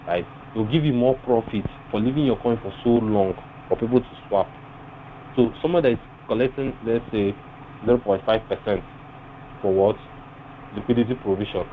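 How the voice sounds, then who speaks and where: A man teaching a live webinar, often pausing to ask his class rhetorical fill-in questions. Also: lowish voice. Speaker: webinar instructor. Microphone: online call mic. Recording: tinny phone-like line with faint noise.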